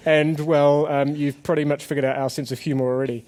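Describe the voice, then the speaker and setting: Man, conference stage host, jokey, audience banter, slightly high pitch, handheld mic. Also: little pitch movement, a little fast, darkish tone. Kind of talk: comedic live stage presentation.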